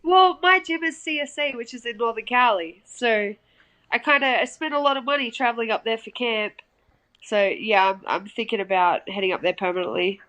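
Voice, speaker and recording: A young Australian woman talking casually as a podcast guest over a video call, chatty and quick to laugh. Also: a little high, a bit bright, poor audio. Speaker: guest fighter.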